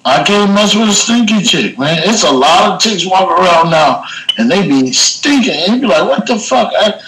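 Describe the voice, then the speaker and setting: A man's voice: high voice, expressive, moderate pace. A young man co-hosting a casual podcast, joking bluntly and crudely. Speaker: podcast co-host. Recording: noisy room recording.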